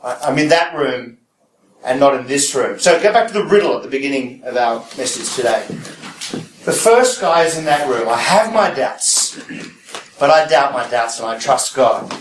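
A man's voice: mid-range voice, animated, normal speed, roomy sound, recorded from a distance, slight background noise, poor audio. A man preaching a conversational sermon, often checking in with his listeners through rhetorical questions.

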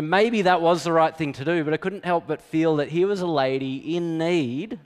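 A middle-aged man, preaching a sermon in a candid, conversational storytelling manner with self-deprecating humour. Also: on the high side. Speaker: pastor. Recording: long reverb of a hall.

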